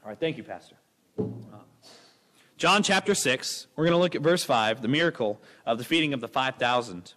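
A young man preaching a sermon with a rambling, energetic delivery, breaking into acted-out voices. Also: medium pitch, fairly quick, a little hiss or hum. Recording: long hall reverb.

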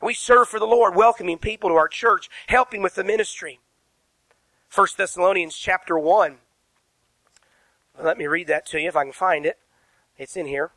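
Pastor, male, emphatic sermon delivery, tense bright tone, dry close sound. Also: high voice, moderate pace, pauses often, no room sound, low-quality recording. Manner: emphatic preaching with rhetorical questions, spells words out. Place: church sanctuary.

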